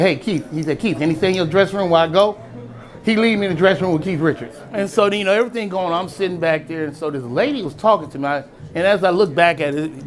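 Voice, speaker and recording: A middle-aged man from East Oakland tells a personal story in a loose, casual way, his voice sitting a touch high for a man. He keeps it animated, slipping into the voices of the people he quotes and chuckling as he goes. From East Oakland, California. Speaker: storyteller and spirits brand founder.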